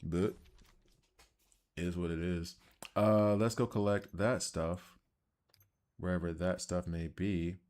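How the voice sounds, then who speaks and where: A man with a deep, low voice and a Southern accent talks his way through a video game. His commentary is loose and rambling, and he keeps laughing at his own odd tangents. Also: steady tone, slow, long pauses, a little mellow. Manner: rambling, self-deprecating, chatty. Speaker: gaming channel host. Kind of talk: casual gameplay commentary.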